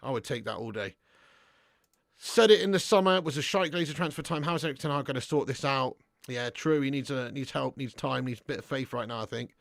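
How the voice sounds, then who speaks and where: This man hosts a football fan live stream, where he reads out viewer comments and chats casually, trading blunt banter and getting loud and upbeat to hype things up. He talks briskly in a gravelly, medium-pitched voice. The recording is clean studio audio without any room sound.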